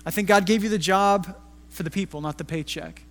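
A middle-aged pastor with a high-pitched voice preaches in a relaxed, storytelling way. His voice rings with the long reverb of a church hall. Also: a little fast. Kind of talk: sermon.

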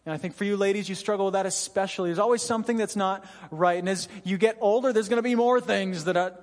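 A man's voice: high-pitched, quick pace, in a large hall. A man pastor giving an earnest, conversational sermon to his church, with frequent "you know" asides. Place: church hall.

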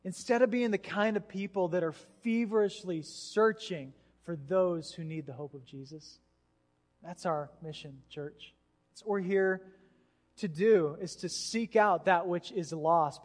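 A male pastor preaching a sermon, telling a story in an animated way and acting out what people said. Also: a little high, unhurried, soft background music. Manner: animated storytelling with acted-out quotes. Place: church sanctuary. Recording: long hall reverb in a church.

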